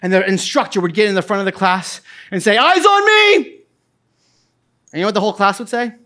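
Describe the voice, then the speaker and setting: A man's voice: high-pitched, fairly even intonation, fast. Impassioned male pastor preaching. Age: middle-aged. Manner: impassioned, swings from quiet to loud; casual asides with laughs. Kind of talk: sermon.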